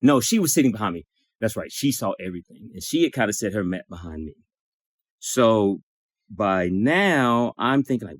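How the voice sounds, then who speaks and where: A man in a support circle telling an emotional personal story, acting out the dialogue in lively bursts and swearing now and then. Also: on the low side, moderate pace, no echo, studio quality. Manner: animated, acts out dialogue, swears.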